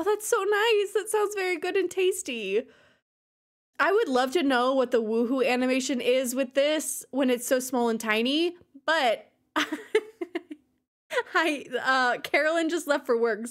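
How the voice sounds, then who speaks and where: A woman's voice: sits high, a little slow. A young woman streaming a life-sim game who keeps exclaiming and breaking into helpless laughter as she greets chat. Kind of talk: live gaming stream chat.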